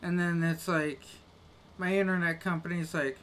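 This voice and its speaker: A man's voice: on the high side, fairly even intonation, moderate pace, fairly bright tone. A man grumbling casually to his live-stream chat while he plays a game, with exasperated little rants.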